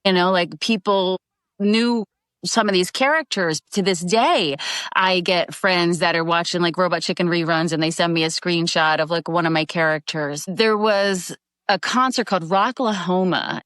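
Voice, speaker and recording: Brief: actress guest, animated storyteller, dry close sound. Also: female voice, on the low side, moderate pace, clean tone, no room sound. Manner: animated, acts out quoted voices. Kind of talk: casual interview storytelling.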